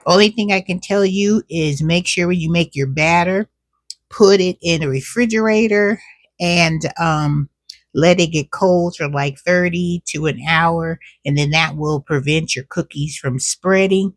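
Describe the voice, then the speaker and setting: In an unhurried, fairly low voice, a woman vlogs to camera from home about cooking and gardening, drawling her words and addressing viewers as "child" and "y'all." The sound is clean studio audio with no echo.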